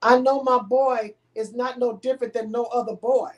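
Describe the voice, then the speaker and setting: A woman's voice: a little high, steady tone, normal speed, dull audio. Emotional woman storyteller. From Houston, Texas. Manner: dramatic, acts out pleading and quotes with big swings. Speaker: guest telling a personal story.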